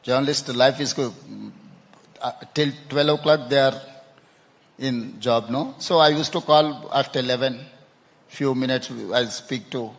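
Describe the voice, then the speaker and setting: A man answering interview questions on stage, halting and repeating words, often ending with "no?". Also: mid-range voice, fairly even intonation. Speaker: chief minister interviewed on stage. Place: conference hall stage. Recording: long hall reverb.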